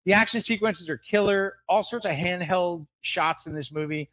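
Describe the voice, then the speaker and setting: A man co-hosts a live comedy podcast in a high, bright voice. He riffs and rants in mock anger and swears freely. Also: moderate pace, no room sound. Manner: mock-angry ranting, swearing. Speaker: podcast co-host. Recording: live show with background music.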